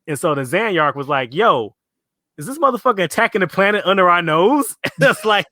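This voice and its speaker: A man co-hosting a casual fan podcast, animated, swearing freely and acting out villains' lines. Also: sits high, brisk, no room sound, clean studio sound. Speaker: podcast co-host.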